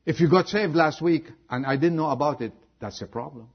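A man preaching a sermon as pastor, moving from loud exhortation to a hushed prayer. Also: a little high, brisk, husky, dull audio.

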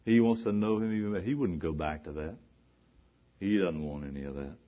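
Low-voiced preacher guy, emphatic and repetitive, dull lo-fi recording. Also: fairly quick. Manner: emphatic, repetitive, rising to rhetorical questions. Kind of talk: sermon.

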